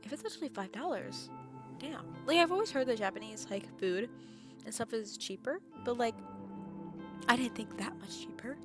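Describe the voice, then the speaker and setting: A woman's voice: on the high side, expressive, normal speed. A young woman streaming, chatting casually and reading a visual novel aloud, somewhat out of breath and stumbling over words now and then. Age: young adult. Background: game music.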